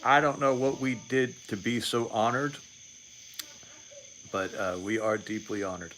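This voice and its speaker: This late-forties man hosting a livestream speaks unhurriedly in a mid-range, fairly bright voice, rambling through opinionated political commentary. He keeps restarting sentences, repeats words, and drops sarcastic asides; the low-quality recording carries a little hiss or hum.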